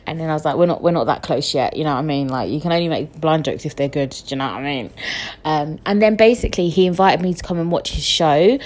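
A young woman chatting casually to camera as a vlogger, excitable and quick to laugh and swear. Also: low-pitched. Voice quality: visually impaired speaker.

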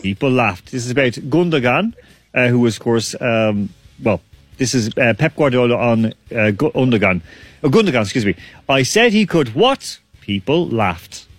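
A man's voice: medium pitch, lively intonation, moderate pace, dry recording, faint music behind. A man hosting a casual online quiz, chatty and laughing often. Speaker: quiz host.

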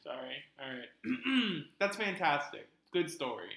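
Bright teasing man co-hosting a podcast. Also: fairly high pitch, sing-song, vocal fry, roomy sound, poor audio. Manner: teasing, quick interjections. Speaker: podcast co-host. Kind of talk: casual podcast chat.

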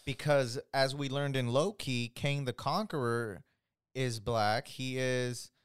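A man chats casually on a podcast with a smooth, resonant voice and a dry, close sound. He gets animated and opinionated, and he fills his talk with "like". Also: medium pitch, slow pace, no room sound. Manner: animated, heated opinions, says "like" often. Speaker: podcast co-host. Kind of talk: casual chat.

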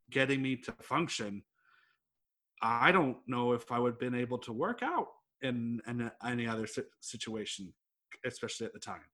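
A man's voice: medium pitch, a bit bright. Rambling man telling a story. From United States. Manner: rambling, storytelling, swears freely, fillers like "like". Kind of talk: casual chat.

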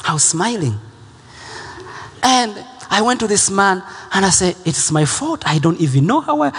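A man preaching a sermon, emphatic and repetitive, rising at times to shouts. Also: high voice, big pitch swings, normal speed, slightly rough, in a large hall.

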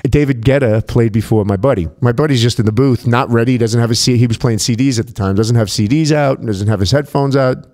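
A male DJ swaps backstage stories in casual conversation, cursing freely and animatedly acting out what other people said. His medium-pitched voice is brisk, with hardly any pauses.

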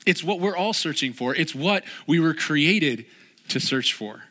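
A man's voice: on the high side, expressive, a little slow, pushed and bright. A man preaching a sermon, telling a personal story and repeating key phrases with earnest emphasis.

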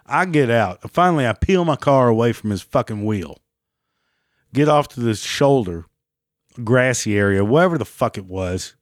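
A man angrily retelling a story, swearing heavily and pitching up when worked up. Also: lively intonation, moderate pace, dry recording, studio quality. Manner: heated, heavy swearing, rising pitch when agitated. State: still angry about the event. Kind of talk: angry personal storytelling.

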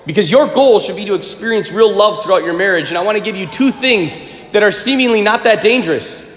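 A man preaching a sermon, telling a story in a lively, conversational way and acting out the quotes. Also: high-pitched. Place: church. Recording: echoey church with long reverb.

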